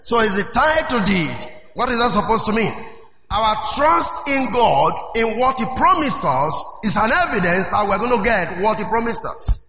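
A man preaching a sermon as pastor, emphatic and calling out to his congregation, now and then shouting key lines. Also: high-pitched, very animated, measured pace, few pauses. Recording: roomy hall echo, dull lo-fi sound.

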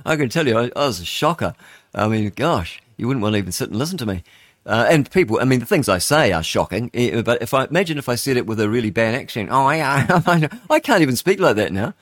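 A man's voice: mid-range voice, lively intonation, fast talker, no echo, clean studio sound. An older man hosting a talk-radio show, rambling and chatty with lots of fillers and restarts. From New Zealand. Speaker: radio host. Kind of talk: casual talk-radio monologue.

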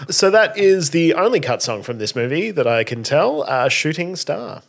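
A man's voice: a little high, sing-song, normal speed, creaky. A man co-hosting a podcast, chatting casually about songs with many fillers and restarts. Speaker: podcast co-host. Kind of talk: casual chat reviewing songs.

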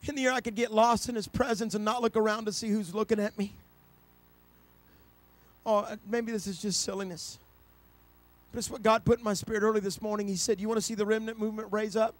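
A middle-aged male preacher giving a sermon, telling stories with frequent restarts and building to loud, high-pitched preaching. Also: flat delivery, fairly quick, pauses often. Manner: storytelling, with repeated restarts.

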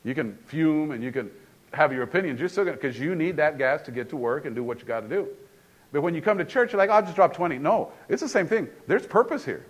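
Conversational preacher man, slightly high voice. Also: lively intonation, fast. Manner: conversational preaching with repetitions and restarts. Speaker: pastor. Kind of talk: sermon. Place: church.

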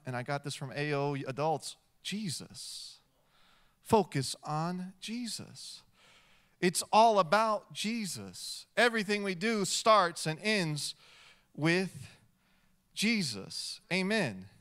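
A man preaching a sermon as pastor, animated, swinging between loud and hushed delivery. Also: fairly high pitch.

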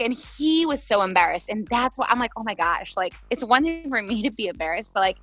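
A woman's voice: on the high side, big pitch swings, fairly quick, hardly any pauses, a bit bright, no room sound, faint music behind. A young woman, a singer-songwriter, talks casually over a video call and tells stories with laughs and quoted voices.

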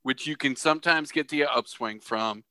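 A man in casual sports banter, lively and jokey, with quick asides. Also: mid-range voice, no echo.

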